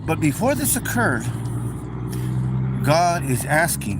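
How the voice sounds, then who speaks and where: A male preacher talks through a relaxed, informal sermon, circling back over his phrases and calling his listeners folks. He takes his time, and his pitch rises and falls with lively expression. A constant hum of background noise sits under the recording. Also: slow pace, long pauses. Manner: conversational, repeats phrases, addresses listeners as folks.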